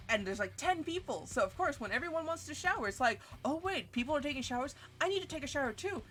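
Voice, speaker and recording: A woman streamer telling a story in a casual, animated rant full of swearing, with big jumps in pitch. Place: home streaming setup. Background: faint music.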